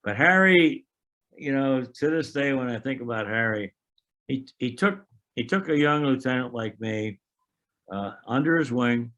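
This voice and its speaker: Older male veteran, halting anecdotal delivery, mid-pitched, reenacts conversations. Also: lively intonation, a bit bright, dull audio. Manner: halting storyteller, frequent restarts and fillers; acts out remembered dialogue. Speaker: veteran interviewee. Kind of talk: oral history recollection.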